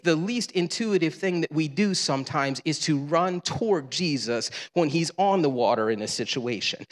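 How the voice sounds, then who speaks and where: Male pastor, sermon, fairly high voice, joking and conversational, long church reverb. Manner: conversational, humorous preaching. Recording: long reverb of a large hall.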